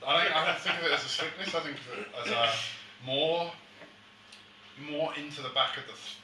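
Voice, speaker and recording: A man from England chatting casually at a beer tasting, relaxed with dry jokes. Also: on the high side, a little fast. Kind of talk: casual chat. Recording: echoey room, distant mic, clear background noise.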